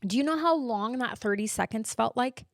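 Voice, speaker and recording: A woman's voice: a little high, normal speed, no room sound. Woman podcaster telling her own story, all emotional and full of fillers, dry close sound. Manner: emotional, animated retelling with many fillers. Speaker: podcast host. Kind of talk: personal storytelling.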